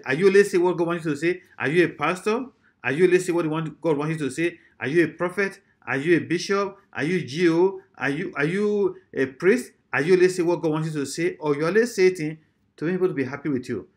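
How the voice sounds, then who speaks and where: A man's voice: fairly high pitch, brisk. A male pastor, preaching a sermon emphatically, with repeated rhetorical questions.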